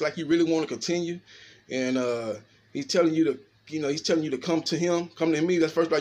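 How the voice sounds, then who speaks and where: A middle-aged man, talking boxing in a loose, animated way. He speaks quickly and peppers his analysis with fillers, restarts and a steady "man". His voice sits a little high for a man. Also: slight background noise. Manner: fast, animated, filler-heavy talk with repeated "man". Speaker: boxing commentator.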